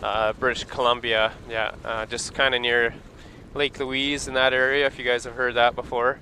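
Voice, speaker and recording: A man's voice: mid-range voice, level tone, normal speed, pushed and bright, low-quality recording. A man from Alberta with a Canadian accent, chatting in a laid-back, rambling way while steering a boat outdoors on the water. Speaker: boat operator on a live wildlife stream. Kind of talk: casual chat. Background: wind and boat engine.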